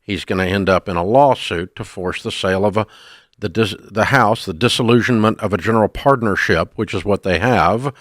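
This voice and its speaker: A man's voice: lowish voice, fairly quick, no room sound, clean studio sound. A middle-aged man hosting a call-in radio advice show, speaking bluntly and emphatically and scolding bad choices.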